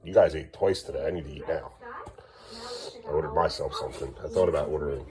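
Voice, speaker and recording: A man's voice: very deep voice, fast, a little mellow. A middle-aged man vlogging at home as a father, coaxing and scolding his kids in casual talk.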